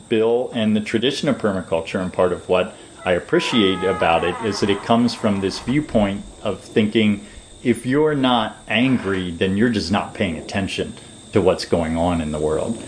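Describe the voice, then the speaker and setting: A man giving long, measured, lecturing answers as a permaculture designer in an interview. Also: lowish voice, a little hiss or hum, rough recording.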